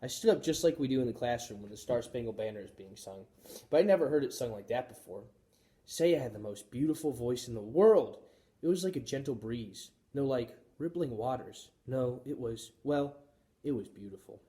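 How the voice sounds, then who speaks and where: A male teacher reads a children's chapter book aloud, telling the story expressively. His voice is mellow and warm, with a pitch that moves in a lively way. It sounds like a read-aloud for young listeners. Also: normal speed.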